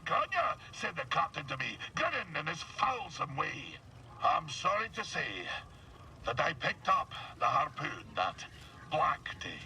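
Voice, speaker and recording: An actor playing a grizzled alien space pirate in a video game, spinning a theatrical yarn in a gruff seafaring drawl. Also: male voice, fairly high pitch, bright, forceful tone, heavily acted. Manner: theatrical storyteller, relishes gory boasts. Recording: distant game audio with faint hiss.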